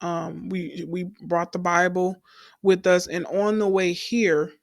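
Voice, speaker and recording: A woman's voice: lowish voice, little pitch movement, slow, creaky, dry recording, studio quality. A young adult woman, telling her personal faith testimony in an earnest storytelling way and calling the listeners y'all. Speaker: testimony speaker.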